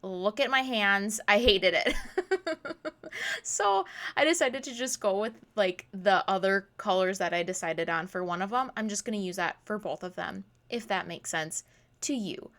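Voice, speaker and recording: A woman's voice: mid-range voice, animated, moderate pace, fairly bright tone. A young woman in her twenties narrating her crafting vlog in a casual voice-over, bubbly and gushing, laughing at herself. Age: 20s. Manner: bubbly, gushing, self-deprecating, says "literally" and "oh my god" a lot. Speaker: crafting vlogger.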